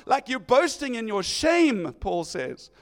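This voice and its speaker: High-voiced man preaching animatedly. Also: slow pace. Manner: animated, acting out quoted voices. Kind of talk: sermon.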